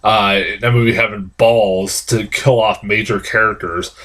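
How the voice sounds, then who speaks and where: A man's voice: fairly low pitch, measured pace. A man with a blocked nose talks through a casual movie review, loose and rambling. He swears constantly and leans on fillers, his voice jumping up when something gets to him. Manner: rambling, profane, animated, with frequent fillers. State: stuffed-up nose from a cold. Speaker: film reviewer. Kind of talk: casual spoken film review.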